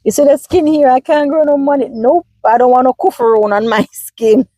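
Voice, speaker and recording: A woman's voice: high voice, moderate pace, warm tone, no echo, poor audio. A woman from Jamaica with a Jamaican accent, talking casually and animatedly to her viewers as a vlogger, answering their comments.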